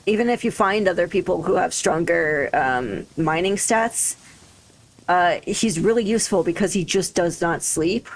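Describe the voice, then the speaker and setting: A woman's voice: lowish voice, moderate pace, rough recording. A woman livestreaming a game, chatting casually, thinking aloud and laughing easily into a desk microphone. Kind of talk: casual gaming commentary.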